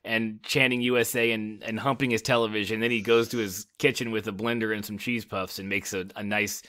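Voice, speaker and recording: An American man co-hosting a podcast, recapping a TV episode in casual chat and acting out characters' lines with animated, laughing energy. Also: lowish voice, fairly quick. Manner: animated, laughing, quotes characters in raised voices. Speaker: podcast co-host.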